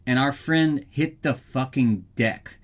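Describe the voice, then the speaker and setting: A man's voice: mid-range voice, slow. A man hosting a podcast, recapping a film in casual, rambling, profane talk and joking about himself in the third person. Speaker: podcast host.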